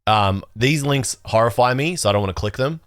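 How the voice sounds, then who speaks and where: A man hosting a livestream, chatting casually with his viewers in a rambling, excitable way and swearing freely. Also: medium pitch, brisk, dry recording, studio quality. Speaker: livestream host. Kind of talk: casual chat reacting to chat.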